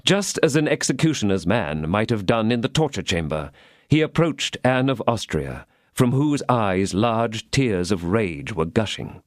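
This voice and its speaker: A male audiobook narrator reading a classic novel, his pitch moving in a lively, expressive way. The sound is dry and close, with no room around it. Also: unhurried, dry recording.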